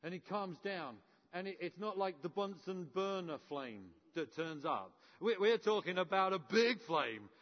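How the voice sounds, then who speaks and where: A man preaches a sermon in a high voice, telling the story with humour and acting out each character. The sound is a little muffled and rings with long reverb, as if in a large hall. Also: expressive, measured pace, hardly any pauses.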